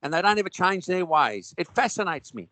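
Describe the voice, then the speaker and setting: A man's voice: high voice, very animated, a little fast, pushed and bright, dry recording. A man with an Australian accent in casual conversation, talking bluntly and rambling with lots of restarts and slang.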